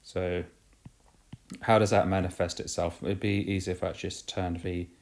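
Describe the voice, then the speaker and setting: Low, flat-voiced man explaining software. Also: normal speed. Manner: explains step by step with fillers and self-corrections. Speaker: video tutorial host. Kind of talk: screen-recorded software tutorial.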